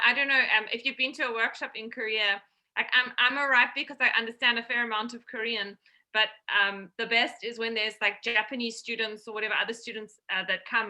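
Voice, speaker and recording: A woman's voice: on the high side, bright, forceful tone. A woman in a casual video call chat, talking in a chatty way full of "like" fillers.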